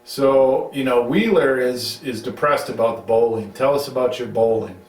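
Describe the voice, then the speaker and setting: Host, middle-aged man, casual and rambling with restarts, mid-pitched, roomy echo, sits back from the mic. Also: moderate pace. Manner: rambling, restarts sentences, teasing. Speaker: show host. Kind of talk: casual home-recorded chat. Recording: roomy sound, mic at a distance.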